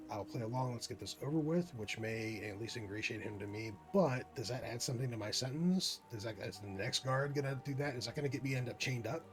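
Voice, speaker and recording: A man giving chatty gameplay commentary, thinking aloud and poking fun at himself. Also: mid-range voice. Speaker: gaming video host.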